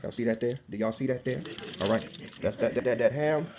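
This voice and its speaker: A man's voice: mid-range voice, brisk, darkish tone, slight background noise. A man casually presenting home-cooked dishes to the camera, chatty and proud. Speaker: home cook showing his food. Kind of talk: casual filmed chat.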